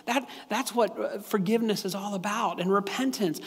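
Male pastor, high-pitched, casual confessional sermon, reverberant hall. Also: a little fast, husky. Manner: casual, confessional, with many restarts and asides. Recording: echoey hall with long reverb.

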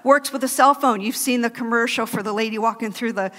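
A woman delivers a sermon in a loud, animated way, breaking into laughing asides. Her voice sits fairly high. It rings through a church with a long hall reverb. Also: brisk. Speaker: guest preacher. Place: church sanctuary.

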